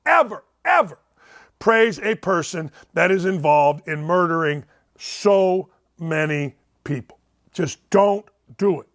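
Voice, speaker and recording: A man's voice: high voice, fairly bright tone. A man hosting a sports talk show, delivering a blunt, sarcastic, ranting monologue.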